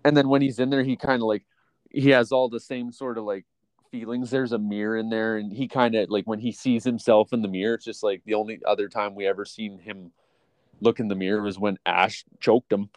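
A man co-hosting a podcast in casual chat, rambling with lots of fillers as he talks like an excited fan. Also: fairly low pitch, a little fast, dry recording. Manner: rambling, filler-heavy, enthusiastic fan talk. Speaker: podcast co-host.

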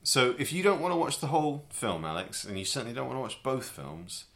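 A man's voice: mid-range voice, big pitch swings, a little fast, fairly bright tone. A man co-hosting a film podcast in casual chat, teasing and dry, with frequent stumbling restarts. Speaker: podcast co-host.

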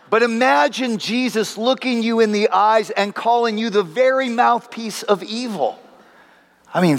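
High-voiced man preaching in a reverberant hall. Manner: storytelling preacher acting out voices, wry asides. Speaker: pastor. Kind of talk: sermon.

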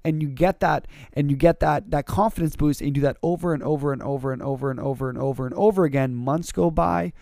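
A man talking on his own podcast as a public speaking coach, energetic and emphatic, with many fillers and repeated words. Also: on the high side, fast talker, gravelly, hardly any pauses, no echo, clean studio sound. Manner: energetic, emphatic, rising to excited peaks. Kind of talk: podcast monologue.

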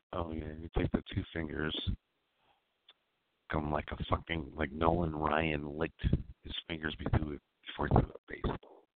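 A man's voice: a bass voice, dry recording. A man hosting a raunchy comedy talk show, crude and mock-seductive as he rambles. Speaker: radio show host. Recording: dry tinny phone-like sound.

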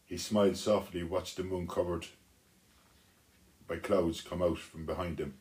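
A man telling a children's story aloud, unhurried, with small restarts. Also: sits low, steady tone, a little mellow.

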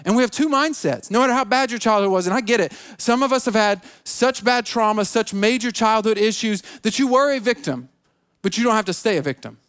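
A man preaches in a high, raised voice. He stumbles and repeats words as he goes, and he slips into the voices of people making excuses. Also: animated, fairly quick, fairly bright tone, clean tone. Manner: repetitive, stammering restarts, acts out quoted excuses. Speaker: pastor. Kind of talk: sermon.

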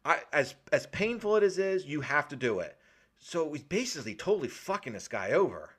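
A man's voice: on the high side, big pitch swings, a little fast, a bit bright, breathy edge. A man in casual chat who recaps a film scene by scene, rambling and swearing freely and acting out lines of dialogue.

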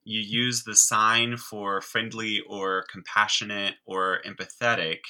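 Brief: male podcast guest, lower register with a sharp bright edge, eager teacherly explainer. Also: little pitch movement, measured pace, rough recording. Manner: enthusiastic, chatty explainer. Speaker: guest, sign language teacher. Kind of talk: conversational explaining.

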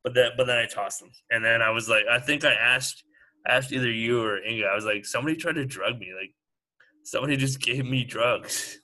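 A man's voice: mid-range voice, a little fast, pushed and bright, rough recording. A man in casual chat, telling a story in a matter-of-fact way with some swearing.

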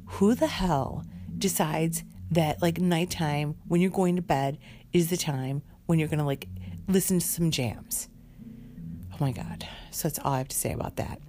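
A low-pitched woman rants casually in an exasperated, rambling way, swearing freely. She sounds overtired and worn down. Guitar music plays clearly behind her. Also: warm tone. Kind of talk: casual ranting monologue.

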